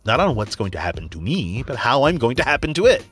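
A man's voice: mid-range voice, very animated, fast, a bit bright, husky, faint music behind. Blunt, profane motivational man. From New York area. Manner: blunt, profane, storytelling with acted-out quotes. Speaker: motivational speaker. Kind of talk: casual motivational monologue.

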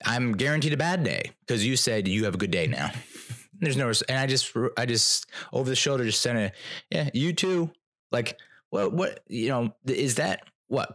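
A man hosting a podcast, telling a rambling story in a casual, animated, self-mocking way, often restarting his sentences. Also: mid-range voice. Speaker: podcast host.

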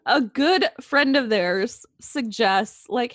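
A woman's voice: medium pitch, a little slow, dry recording, studio quality. Woman telling a spooky story casually. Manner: laid-back storytelling with fillers and swearing, laughs easily. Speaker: podcast co-host telling a true-crime story.

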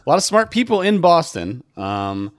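A man's voice: on the high side, sing-song, moderate pace, no echo. Hesitant man in a dry close recording. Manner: hesitant, rambling with fillers. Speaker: podcast co-host. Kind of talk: casual comedic chat.

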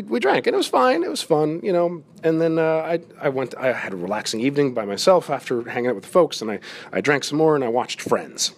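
A man's voice: mid-range voice, slight background noise. A man hosting a comedy podcast, talking candidly and self-deprecatingly on his own from a gym's yoga room, swearing often. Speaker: podcast host. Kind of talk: casual confessional monologue.

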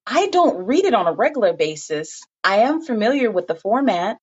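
Audiobook heroine: woman reading a young reporter, polite and nervous, lively pitch, dull lo-fi sound. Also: normal speed, breathy edge. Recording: dull lo-fi recording.

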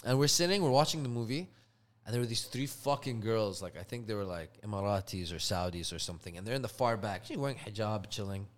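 A man telling a story in casual podcast chat, profane and animated, acting out voices. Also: lowish voice, fast talker. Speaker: podcast co-host.

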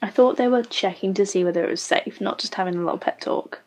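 A woman's voice: medium pitch, quick pace. A woman giving casual reaction commentary on a show, blunt and sarcastic, swearing freely. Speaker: show reviewer.

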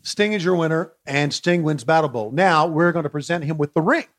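A man with an Oklahoma accent co-hosting a wrestling podcast, calling the match play-by-play and getting excited. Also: on the high side, fairly quick. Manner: excitable play-by-play, shouting counts. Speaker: podcast co-host.

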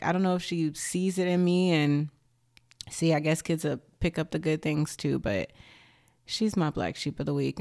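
A young adult woman hosting a podcast, talking candidly and rambling with lots of filler words while high. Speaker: podcast host. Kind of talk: casual chat.

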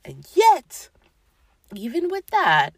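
Woman podcast host, lively swooping delivery, profane sarcastic rant, dry close mic. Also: high voice, takes it slowly, no room sound. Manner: animated, profane, sarcastic, mock-quoting others. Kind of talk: casual ranting monologue.

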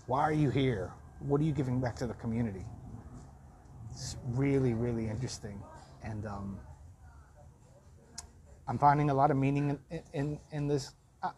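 Male vlogger, raspy, reflective and halting, mid pitch, faint noise behind. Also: a little mellow. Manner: self-searching, halting with many restarts. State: raspy from dehydration. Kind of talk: reflective personal vlog.

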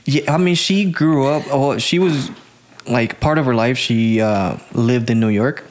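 A man's voice: mid-range voice, unhurried. A man from Puerto Rico co-hosting a podcast, laid-back and joking, often answering in short quips. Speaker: podcast co-host. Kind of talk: casual podcast chat.

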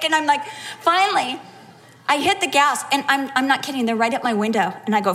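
A middle-aged woman preaching a sermon, telling a personal story with animated, acted-out quotes. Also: high-pitched, fairly quick.

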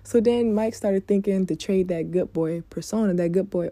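A woman's voice: medium pitch, moderate pace, mellow, no echo. A woman telling a story to her viewers in a casual, candid way and swearing freely. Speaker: vlogger giving dating advice.

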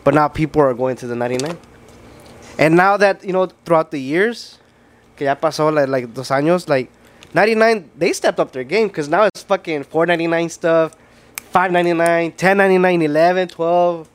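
A man's voice: a little high, a little fast. A young man co-hosting a podcast, joking and swearing in casual chat and asking questions. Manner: joking, profane, asks questions. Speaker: podcast co-host.

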